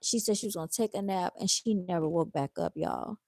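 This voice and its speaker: A woman's voice: fairly low pitch, fairly quick, vocal fry, a little mellow, no room sound. Tired woman, laid-back livestream host, dry close sound. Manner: chatty, reads viewer comments aloud; laid-back, addresses viewers as y'all. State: tired, yawning. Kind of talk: casual livestream chat.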